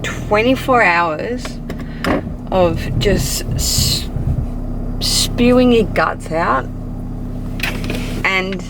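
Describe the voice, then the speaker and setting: A woman's voice: medium pitch, very slow, long pauses. A tired, weak-sounding young Australian woman chatting straight to her viewers in a casual daily vlog, recorded on a handheld camera. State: tired and weak after illness. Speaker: vlogger. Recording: noisy handheld vlog audio.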